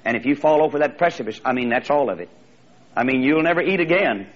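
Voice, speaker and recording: A man voicing a wise, protective mother eagle, speaking in a hushed, cautioning way on a slightly muffled recording. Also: mid-range voice, lively intonation, fast talker, close to an everyday voice. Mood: warning.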